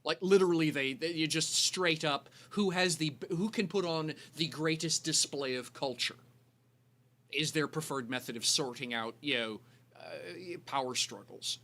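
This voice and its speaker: A man's voice: a little high, moderate pace, a bit bright. A man narrating a tabletop game as game master, rambling with many fillers and restarts.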